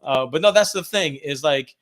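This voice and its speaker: A man co-hosting a casual horror podcast, telling ghost stories in an animated way, swearing freely and acting out quotes. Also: on the high side, normal speed. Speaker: podcast co-host. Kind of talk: casual chat, storytelling.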